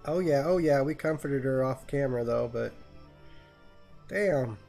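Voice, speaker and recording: A man's voice: medium pitch, a little slow, gravelly, a little mellow, faint music behind. A man streaming a game live, joking crudely and swearing as he plays. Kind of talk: live gameplay commentary.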